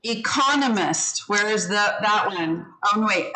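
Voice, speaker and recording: A woman's voice: medium pitch, lively intonation, a little slow, few pauses, sharp tone, slight background noise, rough recording. A woman teaching an online English class, patiently giving feedback and explaining how word stress changes. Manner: encouraging, explains pronunciation patiently.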